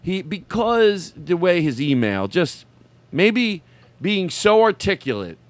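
A man's voice: high-pitched, very animated, slow pace, no echo. A man hosting a comedy podcast in casual chat, rambling, laughing and interrupting himself. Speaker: podcast host.

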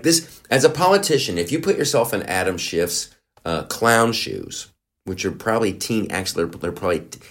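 A man's voice: low voice, fairly bright tone. A man hosting a podcast, delivering a profane, sarcastic comedic rant. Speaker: podcast host.

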